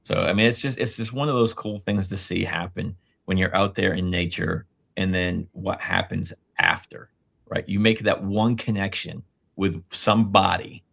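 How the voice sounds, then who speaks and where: A man co-hosting a veterans' talk show, chatting in a relaxed, storytelling way. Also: sits low, moderate pace, creaky, breathy edge. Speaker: co-host. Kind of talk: casual interview chat.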